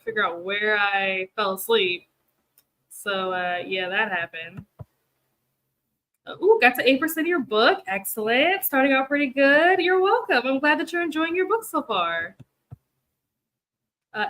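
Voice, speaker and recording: A tired young woman on the high side of pitch hosts a booktube reading-sprint livestream, talking casually to viewers in a rambling way with many fillers and frequent laughter. Her tone is bright and forceful. The recording is low quality.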